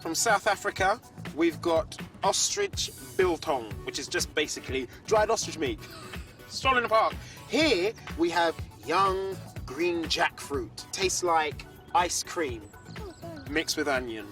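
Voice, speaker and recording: A woman's voice: lowish voice, very animated, slow, fairly bright tone. A woman presenting a children's game show, upbeat and teasing as she explains the rules to the kids. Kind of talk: lively TV presenting. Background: music.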